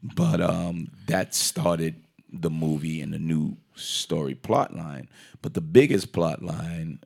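Low gravelly guy rambling through a movie recap, doing little voices as he goes. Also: takes it slowly. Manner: rambling, animated retelling with acted quotes and restarts. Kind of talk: casual movie recap chat.

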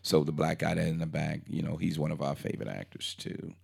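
A deep-voiced man with a gravelly edge chats through a film's plot, rambling and animated. He keeps breaking into quick quoted voices and starts his sentences over. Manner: rambling, animated retelling with acted quotes and restarts. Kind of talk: casual movie recap chat.

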